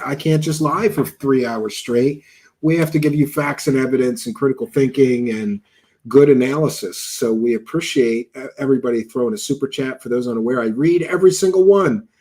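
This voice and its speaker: A man's voice: mid-range voice, a little mellow. A man hosting a show, giving mocking, sarcastic commentary over video clips and thanking viewers for donations. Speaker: show host reacting to clips.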